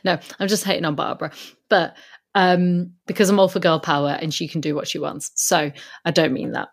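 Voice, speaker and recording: A woman co-hosting a podcast in casual chat, animated and laughing as she acts out characters in funny voices. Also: fairly low pitch, fairly quick. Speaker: podcast co-host.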